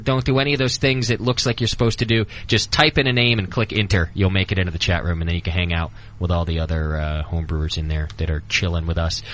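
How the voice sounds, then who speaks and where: A man with a bright, forceful voice pitched on the low side hosts a radio talk show from a studio. He talks loosely, joking and filling gaps with ums and uhs.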